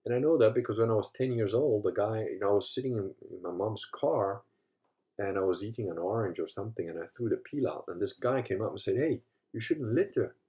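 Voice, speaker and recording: A man in his fifties, from Africa, telling stories in a casual monologue, swearing freely and swinging between low muttering and loud, animated retelling. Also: fast, dull audio. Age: 50s. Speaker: host.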